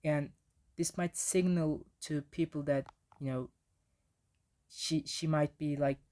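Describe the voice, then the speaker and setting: A man's voice: a little high, steady tone, takes it slowly, darkish tone. A man giving a casual slide presentation on language in the classroom, with frequent restarts and fillers.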